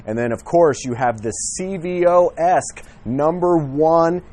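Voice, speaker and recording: A man's voice: a little high, slow pace, darkish tone. Upbeat man walking through motorcycles. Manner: friendly, enthusiastic, with frequent fillers. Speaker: motorcycle dealership presenter. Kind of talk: casual product walkthrough. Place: outdoors at a dealership, in the sunshine. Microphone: handheld camera.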